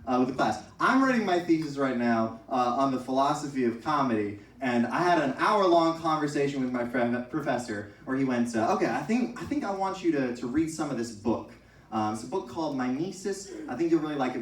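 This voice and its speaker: A young man performing a stand-up set, telling stories animatedly with exaggerated impressions of his professors. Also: on the high side. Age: young adult. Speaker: stand-up comedian. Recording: echoey room, from far off.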